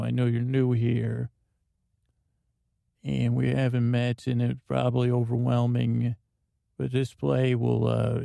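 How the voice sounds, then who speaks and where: A man's voice: mid-range voice, gravelly, mellow, no echo. A man playing a grouchy, blunt know-it-all with a rambling, dry way of talking in an improvised comedy scene.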